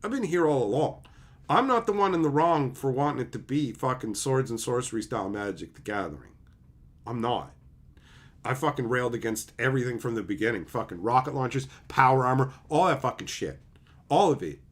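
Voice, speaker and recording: A man's voice: medium pitch, lively intonation, fairly quick. A man streamer delivering a heated, profane, sarcastic rant, mocking his opponents in put-on voices. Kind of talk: ranting commentary.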